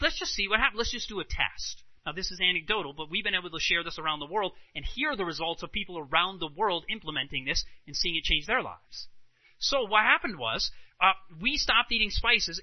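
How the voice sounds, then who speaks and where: This high-pitched man is a Christian health speaker sharing lively personal anecdotes with a live audience, dropping in rhetorical "right?" asides as he tells his stories. The recording is lo-fi with no echo.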